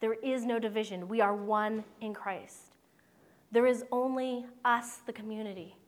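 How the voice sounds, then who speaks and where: A woman's voice: a little high, fairly even intonation, a little slow. A woman pastor preaching a sermon in an earnest, conversational way with playful asides.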